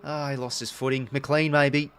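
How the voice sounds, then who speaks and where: A man's voice: medium pitch, normal speed, clean tone. Australian male host, live fan commentary, swings between hyped and frustrated. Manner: excitable fan commentary, groans and cheers. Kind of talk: live football watch-along commentary.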